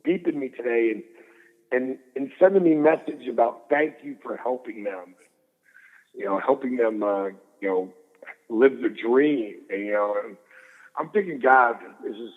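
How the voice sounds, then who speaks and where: A middle-aged man tells a story down a tinny phone line, animated and freely profane. His voice sits at an ordinary pitch and trails into a long, hollow reverb. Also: normal speed. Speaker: guest. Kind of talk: storytelling interview.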